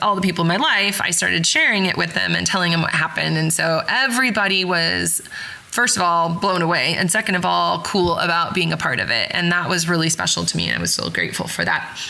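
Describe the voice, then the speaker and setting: Bright, excited woman telling a story. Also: fairly low pitch, gravelly, poor audio. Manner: rambling, with frequent self-corrections and fillers. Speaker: podcast host. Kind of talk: casual storytelling.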